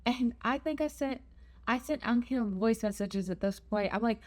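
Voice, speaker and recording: A woman's voice: a little high, moderate pace. A young woman telling a travel story in a chatty, self-deprecating vlog. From United States. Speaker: travel vlogger.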